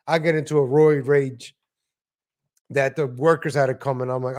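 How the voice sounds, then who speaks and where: A man's voice: mid-range voice, steady tone, normal speed, darkish tone. A man hosting a live stream, commenting on viral videos in a blunt, profane, ranting way. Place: lives in Texas.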